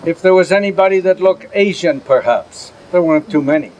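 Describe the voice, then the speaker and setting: A man's voice: sits high, fairly quick, darkish tone, dull audio. An older man, a Holocaust survivor, lecturing to an audience in a plain, earnest way and taking their questions. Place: outdoor camp gathering.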